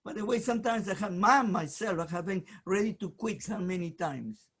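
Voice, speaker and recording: A man, a rabbi, giving an informal Torah lesson, emphatic and animated, in broken English with many restarts and asides. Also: high voice, a little fast, husky. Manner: jokes and talks aside to someone off mic. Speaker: rabbi teaching the weekly Torah portion.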